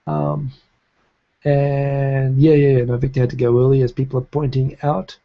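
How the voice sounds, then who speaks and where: A man's voice: medium pitch, level tone, normal speed, vocal fry, lo-fi sound. A man with a faded New Zealand accent hosting a live show, chatting casually and reading comments, rambling with lots of fillers and restarts.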